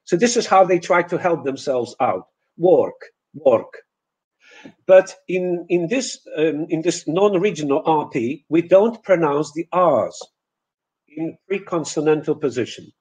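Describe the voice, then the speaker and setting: Slow, mellow-voiced male pronunciation teacher. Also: on the high side, expressive, husky, rough recording. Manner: lecturing, demonstrates sounds slowly, frequent um and uh. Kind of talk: webinar lecture on pronunciation.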